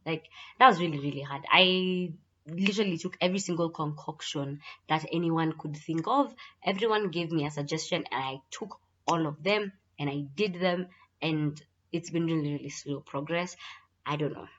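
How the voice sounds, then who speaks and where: A woman's voice: deep voice, moderate pace, fairly bright tone. A woman chatting through a casual monthly update vlog, her voice a bit congested from a lingering cold, repeating words for emphasis. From Kenya. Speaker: vlogger. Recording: slightly dull lo-fi audio.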